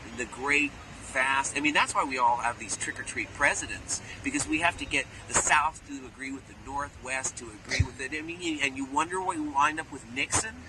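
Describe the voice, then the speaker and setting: A chatty, playful man with an easy middle-pitched voice, swerving into little character voices as he tells stories. He is recorded outdoors, with clear street and car noise running under his talk. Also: fairly quick, hardly any pauses. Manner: playful storyteller who slips into character voices. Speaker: actor interviewee. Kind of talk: animated interview chat. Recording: outdoor interview with traffic noise.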